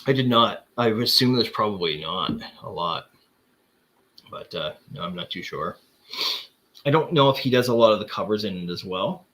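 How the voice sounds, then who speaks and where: A man's voice: on the low side, expressive, moderate pace, fairly bright tone. A man hosting a casual chat, showing off comic books and rambling with lots of fillers and restarts. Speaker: comic collector host.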